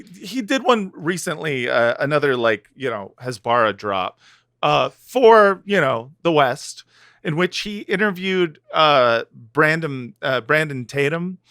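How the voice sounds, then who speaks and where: Sarcastic podcast guy, bright crisp voice, dry close sound. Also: a little high, animated, a little slow, dry recording. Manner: sarcastic, riffing, many fillers. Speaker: podcast co-host. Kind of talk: casual comedic chat.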